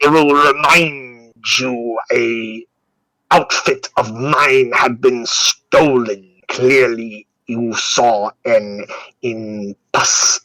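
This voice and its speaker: A man voicing a haughty male doctor who speaks slowly and stiffly. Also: medium pitch, fairly even intonation, pushed and bright, dry recording, low-quality recording. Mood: indignant.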